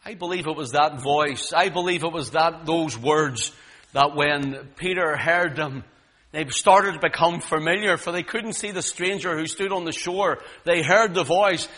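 A man preaching a sermon, swinging dramatically between booming lines and hushed ones. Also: a little slow.

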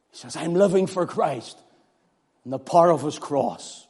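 Northern Irish male preacher, high-pitched and fervent, long hall reverb. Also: moderate pace, a little mellow, husky. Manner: impassioned, rising to emphatic declarations. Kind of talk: sermon.

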